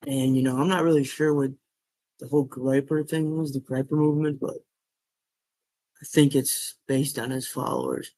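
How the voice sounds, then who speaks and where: A man's voice: medium pitch, fairly even intonation, normal speed, mellow, dry recording, rough recording. A man giving his opinions in a casual, rambling way, restarting and repeating himself as he goes.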